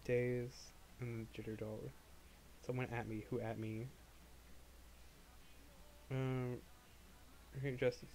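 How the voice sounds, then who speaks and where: A man's voice: mid-range voice, a little mellow, slight background noise. A young man streaming live, chatting casually and rambling, often restarting his sentences. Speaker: livestreamer. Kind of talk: casual livestream chat.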